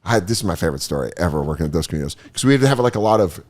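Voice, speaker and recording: A man's voice: low-pitched, racing. A man hosting a podcast, chatting casually and telling profane stories with bursts of put-on voices. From United States. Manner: profane, animated storyteller who breaks into voices. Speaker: podcast host. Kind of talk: casual chat.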